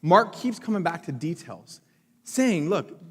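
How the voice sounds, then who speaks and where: A high-voiced male pastor preaching with lively, swinging delivery and playful self-mocking humor. His voice carries a long reverb from the church hall. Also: normal speed. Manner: animated storytelling, jokey and self-mocking. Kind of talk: sermon. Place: church auditorium.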